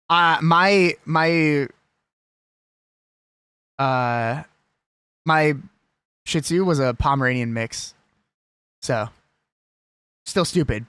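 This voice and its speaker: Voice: medium pitch, a bit bright, clean tone, no room sound. A young adult live streamer chatting casually and with strong opinions while reading a list aloud.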